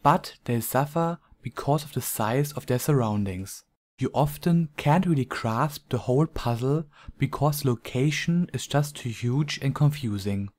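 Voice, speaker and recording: A man with a German accent reading a scripted game review in a measured, even voice-over. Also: medium pitch.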